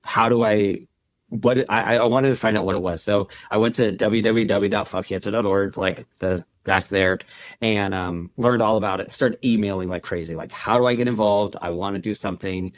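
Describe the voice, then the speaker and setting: A man's voice: lowish voice, fairly even intonation, moderate pace, no room sound. A man as a podcast guest, telling a personal story in a conversational way and acting out what people said to him. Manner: conversational, acts out quoted dialogue. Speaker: podcast guest, endurance club founder.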